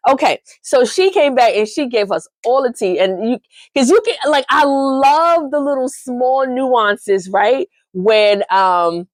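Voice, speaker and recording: A woman recapping a soap opera in casual chat, sassy and chatty with lots of animated asides. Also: high voice, takes it slowly, no room sound.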